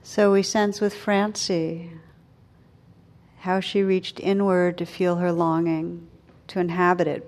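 Softly reflective woman giving a dharma talk. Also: fairly low pitch, little pitch movement. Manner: gentle, reflective, with soft slow pauses. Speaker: meditation teacher.

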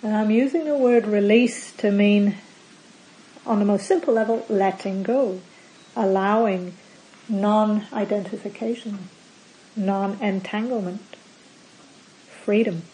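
A woman meditation teacher gives a dharma talk to a group in a calm, measured mid-range voice, listing words one by one with endings that fall away. The audio is poor, with slight background noise.

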